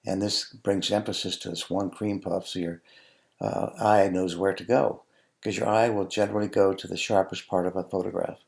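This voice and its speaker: A man, a food photographer, talking through his photos in a relaxed, halting way with many ums and restarts. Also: deep voice, gravelly. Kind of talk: casual tutorial narration over photos.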